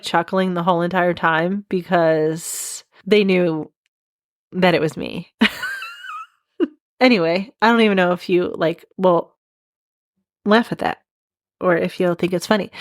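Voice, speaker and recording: A woman's voice: on the low side, no room sound, clean studio sound. A young woman hosting a podcast, telling a rambling story in a casual chat, laughing often and dropping self-deprecating asides. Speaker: podcast host.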